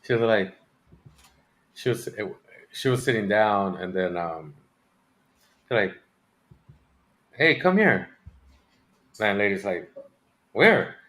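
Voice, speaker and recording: A man telling a story on a group call, rambling and halting, laughing as he goes. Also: lowish voice, fairly bright tone. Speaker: streamer guest. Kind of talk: casual group call chat.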